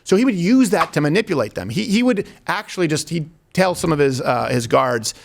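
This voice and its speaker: A man's voice: a little high, big pitch swings, brisk, creaky. A man hosting a comedic talk show, joking and rambling. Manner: joking, rambling, laughs at his own stories. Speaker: host.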